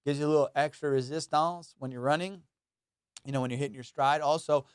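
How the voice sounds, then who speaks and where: Smooth-voiced man rambling on a podcast. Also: on the high side, fairly even intonation, fairly quick, dry recording, clean studio sound. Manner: loose, rambling, jokey. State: high on cannabis. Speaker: comedian podcast host. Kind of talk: casual solo podcast chat.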